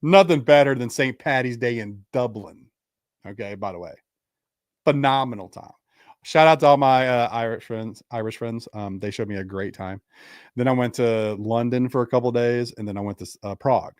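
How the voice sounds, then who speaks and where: Young man, podcast guest, rambling casual story, mid-pitched voice, dry close sound. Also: normal speed, no room sound. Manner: rambling, fillers of "like".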